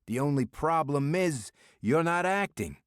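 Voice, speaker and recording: A man's voice: a little high, lively intonation, unhurried, clean tone, no echo, clean studio sound, pitched above the performer's own voice. A man voicing a brash male friend who teases and pushes in banter, in an audiobook. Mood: ribbing. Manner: pushy, ribbing banter. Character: brash, teasing male friend and city official.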